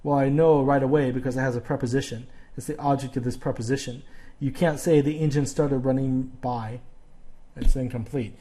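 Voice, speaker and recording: A man records a grammar lesson for his students, walking through examples one at a time. His voice is mellow and relaxed, sitting at an ordinary middle pitch. He pauses often to ask "okay?" as he goes. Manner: patient, explains step by step, frequent "okay?" checks. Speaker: teacher.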